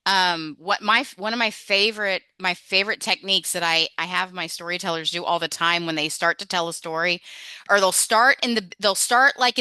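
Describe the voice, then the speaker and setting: A woman's voice: fairly low pitch, pushed and bright, smooth, dry recording. A woman leading a storytelling workshop on a video call, chatty and encouraging, with many restarts.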